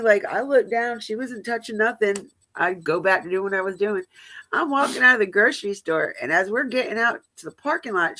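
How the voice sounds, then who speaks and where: Woman, live stream host, casual chat, bright voice, blunt and profane. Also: mid-range voice.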